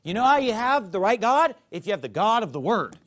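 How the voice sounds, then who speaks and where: A man's voice: sits high, very animated, a little fast, fairly bright tone. A man preaching a sermon as pastor, emphatic and fond of rhetorical questions.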